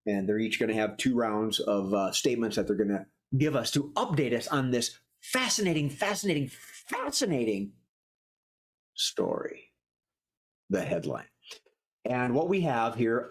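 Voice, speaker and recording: A man hosting a short-form improv comedy show, announcing games and anchoring a mock newscast. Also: a little slow. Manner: lively, leaps up in pitch when excited.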